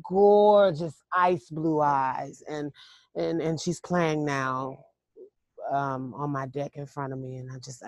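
A woman's voice: low voice, no room sound. A woman casually telling a long personal story to listeners in a chatty, emphatic way with frequent restarts.

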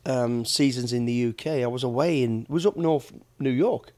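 A man's voice: mid-range voice, moderate pace, a little mellow. Blunt middle-aged British man. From United Kingdom. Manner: blunt, plain-spoken, swears casually. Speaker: podcast host, former soldier and bodyguard. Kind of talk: casual chat, storytelling.

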